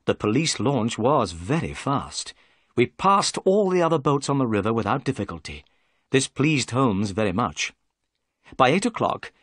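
A man narrating a storybook in clear, expressive scripted narration. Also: medium pitch, dry recording, clean studio sound.

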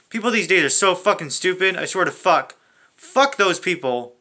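A man's voice: high voice, expressive, normal speed, pushed and bright. A man hosting a comedic video, ranting crudely with constant swearing and frequent restarts. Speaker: comedy channel host. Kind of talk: profane comedic rant.

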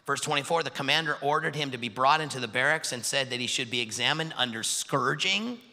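A male pastor preaching a sermon in a church, animated and acting out the voices of the people he describes. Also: medium pitch, brisk, big-room sound. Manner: animated, acts out voices and quotes. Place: large church sanctuary.

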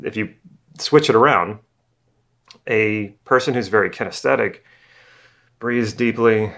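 Low-voiced man teaching NLP. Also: a bit bright. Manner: casual, conversational, repeats himself as he thinks; acts out slow and fast talkers. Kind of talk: explanatory video lesson.

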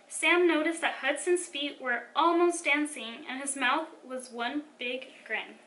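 Bright-voiced woman reading a kids' story. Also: high-pitched, steady tone, unhurried, a little hiss or hum. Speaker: children's ministry storyteller. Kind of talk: reading a children's picture book aloud.

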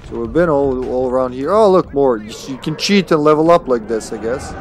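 Man, live game streamer, casual, swears, chuckles, mid-pitched. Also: expressive, a little fast, soft background music. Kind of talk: live gaming commentary.

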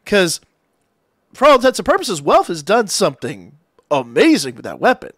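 Excitable man recapping an anime episode. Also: sits high, moderate pace, no room sound, clean studio sound. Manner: excited, rambling retelling with acted-out quotes. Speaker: anime reviewer.

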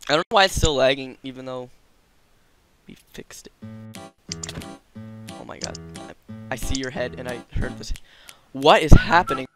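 Man, gamer host, lively pitch swings, exclamatory, grumbles about lag, background music. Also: normal speed, pauses often. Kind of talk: casual gaming chat.

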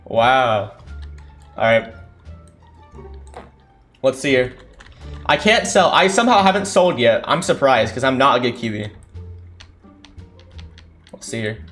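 A young man giving casual live commentary on a football game he is playing, thinking aloud and breaking into excited shouts. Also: mid-range voice, takes it slowly, pauses often, faint music behind. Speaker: gaming streamer. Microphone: desk mic without a condenser.

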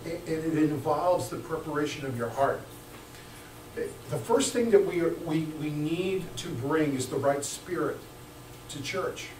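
A man preaching a sermon as pastor, lively and joking, swinging between hushed asides and loud bursts. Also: a little high, a little hiss or hum. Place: church sanctuary. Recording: echoey church room, mic at a distance.

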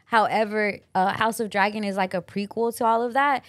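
A woman's voice: mid-range voice, steady tone, a little fast. Chatty woman podcast co-host. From Los Angeles. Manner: chatty, laughs often, swears casually. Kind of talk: casual chat.

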